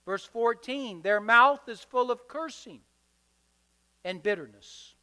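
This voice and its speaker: High-voiced emphatic preacher. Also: male voice, lively intonation, takes it slowly, pushed and bright. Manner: emphatic, rhythmic repetition. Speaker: pastor. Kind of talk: sermon. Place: church sanctuary. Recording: reverberant church hall.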